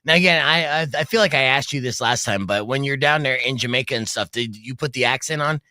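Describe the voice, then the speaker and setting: A man's voice: mid-range voice, quick pace, sharp tone, no echo. A man hosting a studio talk show, playful and joking as he asks his guests questions. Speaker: host. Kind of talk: casual chat. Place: radio studio.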